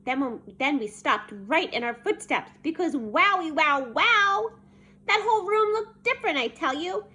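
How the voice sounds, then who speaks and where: A woman voicing a chirpy, excitable young schoolgirl who tells the story. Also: high-pitched, moderate pace, husky, exaggerated voice. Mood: amazed.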